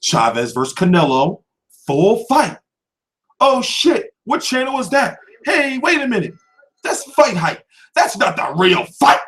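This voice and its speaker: A brash male host rants about boxing coverage, swearing freely. His voice sits a little high and swings widely up and down as he talks. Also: unhurried. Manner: brash and animated, swears constantly. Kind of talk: profane rant to camera.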